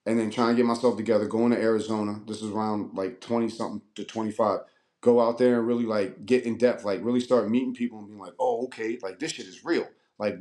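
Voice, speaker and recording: A man in his forties from Annapolis, Maryland, telling stories as a guest in a casual interview, profane and animated, acting out the voices of people he quotes. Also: medium pitch. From Annapolis, Maryland, USA. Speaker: guest rapper.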